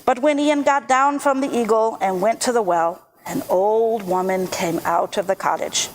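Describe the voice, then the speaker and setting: A woman telling a folk tale aloud at a church service, lively and expressive. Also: medium pitch, slight background noise. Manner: lively, expressive, slow storytelling.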